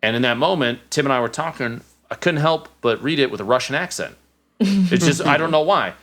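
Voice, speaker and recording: A man in his thirties, a podcast guest telling casual stories, animated, with many restarts. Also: a little high, fairly quick. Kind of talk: casual storytelling.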